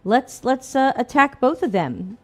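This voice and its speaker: A woman's voice: high-pitched, lively intonation, a little slow. A middle-aged woman hosting a casual live Q&A stream, chatty and self-deprecating, laughing often. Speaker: livestream host. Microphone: desk microphone.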